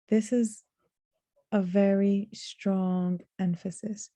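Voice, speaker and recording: A woman teaching a reflective lesson on scripture, earnest and deliberate, drawing out the words she wants to stress. Her voice is mellow and soft-edged. The sound is close and dry. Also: medium pitch, level tone, vocal fry, dry recording. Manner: earnest, slows to stress key words, recites Arabic verses. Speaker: Quran teacher.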